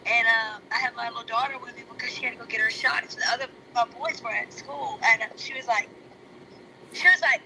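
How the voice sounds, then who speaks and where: A woman sharing her recovery story in casual chat, emotional and rushed, her voice cracking high. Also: fairly even intonation, bright, forceful tone, slight background noise, poor audio. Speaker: guest. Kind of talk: casual personal testimony.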